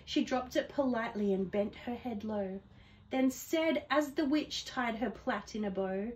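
A woman, a teacher, reading a rhyming picture book aloud to children at home in a gentle, expressive way. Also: fairly high pitch, measured pace. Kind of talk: read-aloud storytelling for children.

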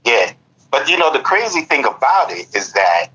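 A man's voice: medium pitch, big pitch swings, normal speed, sharp tone. An American man in his fifties, a guest in a casual conversation, reflective and often agreeing. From United States. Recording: muffled lo-fi audio.

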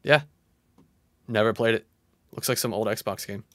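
A man in his thirties streaming casual reaction commentary. He is excitable and jumps between shouting and muttering. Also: on the low side, moderate pace. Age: 30s. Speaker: live streamer.

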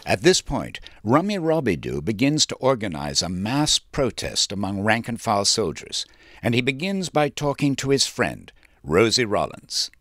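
A man's voice: lowish voice, big pitch swings, moderate pace, fairly bright tone, dry recording, clean studio sound. A man narrating a documentary program in a plain storytelling summary.

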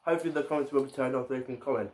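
A man's voice: medium pitch, racing, darkish tone. A man giving casual let's-play commentary as a gaming YouTuber, often stumbling and repeating his words.

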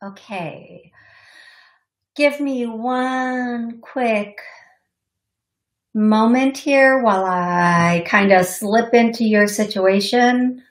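A fairly high-pitched woman taking calls as a psychic medium on a radio call-in show, speaking in an unhurried way. She is chatty and reassuring and slips into giggly asides. The sound is roomy and echoey.

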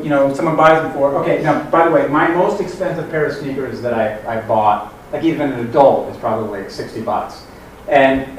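A man's voice: on the high side, a little hiss or hum. A middle-aged man on a conference panel telling a rambling story, full of restarts and quoted dialogue. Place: conference hall. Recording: echoey hall, distant mic.

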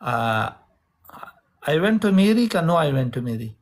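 A man with a Pashto accent, a native Pashto speaker, chatting on a live stream in halting, broken English and slipping into rapid Pashto. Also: fairly high pitch, very animated. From Afghanistan or Pakistan Pashto region.

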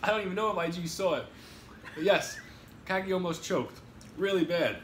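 A man's voice: sits high, moderate pace, fairly bright tone, echoey room, a little hiss or hum. A man hosting a pizza review livestream, joking and swearing as he chats casually at a table indoors. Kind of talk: casual on-stream banter.

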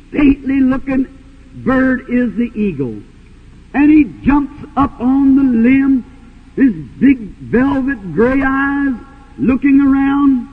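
A man preaching a sermon, telling a story with fervor and sometimes breaking into shouts. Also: very high voice. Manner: fervent, rises to shouts. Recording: tinny old tape in a hall.

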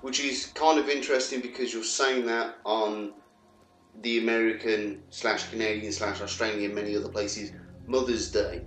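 A man hosting a let's play, commenting on the game in a jokey, animated way with frequent exclamations. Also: fairly low pitch, moderate pace, roomy sound, faint music behind. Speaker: gaming host.

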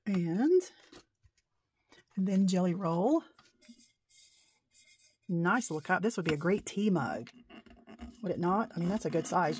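A woman's voice: fairly low pitch, a little hiss or hum. Gushing, rambling woman crafter. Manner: excitable, gushing, rambling and tongue-tied. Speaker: paper-crafting vlogger. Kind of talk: casual show-and-tell chat.

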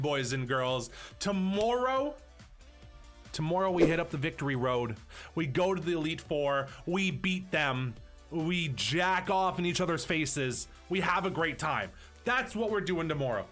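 A man's voice: high voice, animated, unhurried, a bit bright, faint music behind. A young man giving crude, joking commentary while playing a video game. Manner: crude, joking, profane banter. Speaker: let's play streamer. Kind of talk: casual gameplay commentary.

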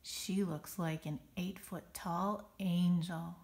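A woman reading a children's picture book aloud, expressive and dramatic on the sound words. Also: on the low side, slow pace. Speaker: storybook reader.

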